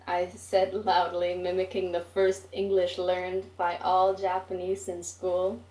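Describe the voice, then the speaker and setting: A woman reading a short story aloud in a measured, wry storytelling manner. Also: lowish voice, monotone, a little mellow. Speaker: reader. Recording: roomy, distant mic.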